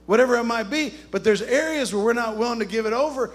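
A man's voice: very high voice, fast, few pauses. A man preaching a sermon in an emphatic, rousing way, calling out to his congregation. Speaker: pastor.

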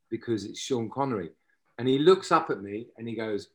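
A man, an actor, telling a lively anecdote in a casual interview and swearing freely. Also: mid-range voice, moderate pace, long pauses. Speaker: actor and podcast guest.

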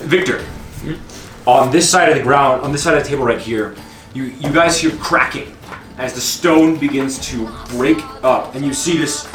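A man narrating as game master, casual and halting, with many fillers. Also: medium pitch, a bit bright. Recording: echoey room, distant mic, music behind.

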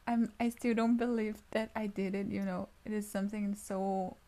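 A woman's voice: mid-range voice, level tone, normal speed, warm tone. Cheerful woman telling a story. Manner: upbeat storyteller, laughs mid-sentence. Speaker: music student. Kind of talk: casual chat.

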